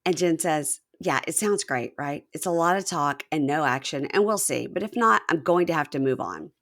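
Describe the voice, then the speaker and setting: Lower-pitched woman recapping reality TV. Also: moderate pace. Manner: animated, acts out quotes with raised pitch. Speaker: podcast host. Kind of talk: casual chat recapping a reality show.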